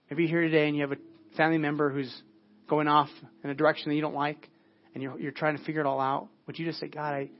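A man preaching a sermon at a church service in an earnest way, often dropping to a hushed, prayerful tone. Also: a little high, muffled recording. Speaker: pastor.

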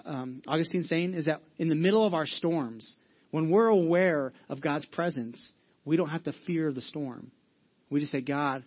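A male pastor preaches a sermon in a higher-pitched voice, earnest and conversational, frequently restarting sentences and using fillers. The recording sounds lo-fi.

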